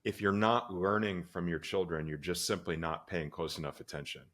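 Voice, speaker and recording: A man with a very low, deep voice hosts a podcast interview. He asks long, thoughtful questions and reflects earnestly on what his guest says. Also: moderate pace, a bit bright. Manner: earnest, reflective, speaks in long flowing sentences. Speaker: podcast host.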